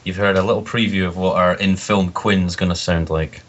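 Brief: podcast host, man, very deep voice, relaxed, muffled lo-fi audio. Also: moderate pace. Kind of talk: casual podcast chat. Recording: lo-fi muffled recording.

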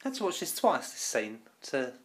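Low-voiced woman with a lively, swooping delivery. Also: moderate pace. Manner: playful, giggly, reacts with short interjections. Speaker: podcast co-host. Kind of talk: casual TV episode recap chat.

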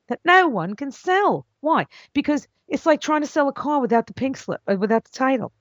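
A woman's voice: a little high, big pitch swings, normal speed, no room sound. A woman hosting an advice show in a casual monologue, blunt and emphatic, her voice swooping up into exclamations. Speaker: podcast host and script consultant. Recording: dull lo-fi dry recording.

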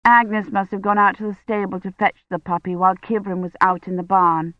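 A woman narrates a novel in an even, measured reading voice at a middling pitch. The recording sounds dull and muffled, with a dry, close studio sound and no room echo. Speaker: audiobook narrator. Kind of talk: scripted narration.

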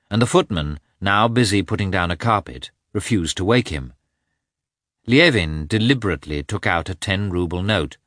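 A man narrating a classic novel as an audiobook in a measured, expressive reading. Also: sits low, dry recording, clean studio sound. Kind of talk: scripted literary narration.

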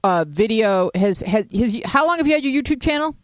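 A woman's voice: fairly high pitch, animated, fairly quick, dry recording. A woman hosting a casual talk show, teasing guests and steering the conversation. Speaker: host.

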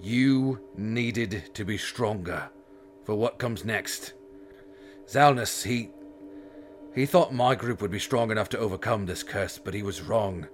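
A man voicing a weary, soft-spoken noble knight who speaks gently and sadly, with sighs. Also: lowish voice, a little slow, a little hiss or hum, natural voice. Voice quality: sighing, gentle and solemn.

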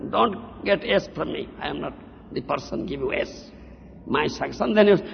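A man's voice: sits high, very animated, moderate pace, creaky. A man giving a devotional lecture, scolding his listeners and mocking their excuses, often asking "huh?" between points. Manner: scolding, mocks a disciple's excuses in a put-on voice, keeps asking "huh?". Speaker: spiritual teacher. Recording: dull old tape in a reverberant hall.

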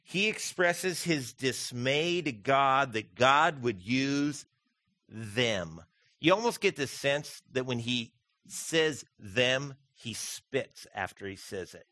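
A man's voice: medium pitch, animated, slow pace, sharp tone, slight background noise. A man preaching a conversational sermon as pastor, often asking his listeners direct questions. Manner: conversational, asks the congregation questions.

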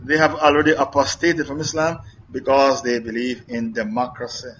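A middle-aged man preaches in a question-and-answer lecture, emphatic and repetitive, firing off rhetorical questions. His mid-range voice keeps a level tone at normal speed and sounds fairly bright. The audio is lo-fi with slight background noise.

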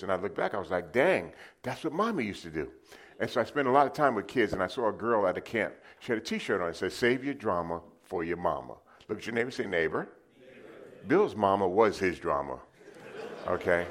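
Older new guy preaching his testimony, real low voice, gets the crowd to say stuff back. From New York City. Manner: conversational storytelling with call-and-response to the congregation. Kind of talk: testimony sermon.

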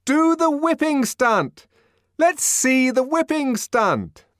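A man's voice: very high voice, very animated, slow, fairly bright tone, no echo, studio quality, voice pushed up, heavily acted. A man voicing a jeering crowd of sightseers, chanting mockingly in a heavy rhythm.

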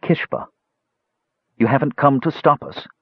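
A man voicing a tender but demanding young woman with a lifted, softened voice. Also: medium pitch, unhurried, breathy edge, no room sound, lo-fi sound, pitched above the performer's own voice.

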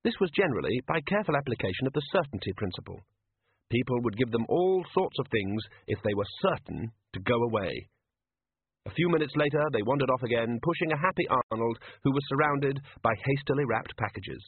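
A man's voice: medium pitch, expressive, brisk, husky. Man narrating a story over a tinny line. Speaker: audiobook narrator. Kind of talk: scripted comic narration. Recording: tinny phone-like narrow band, dry.

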